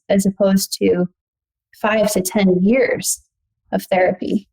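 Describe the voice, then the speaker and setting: A woman's voice: mid-range voice, steady tone, slow pace, warm tone, poor audio. A woman guest, a psychologist, explaining in casual talk and often saying "like".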